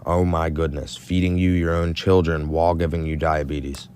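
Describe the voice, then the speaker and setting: Low-voiced male monologue, conspiratorial and incredulous. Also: flat delivery, normal speed, a little mellow, a little hiss or hum. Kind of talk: scripted monologue.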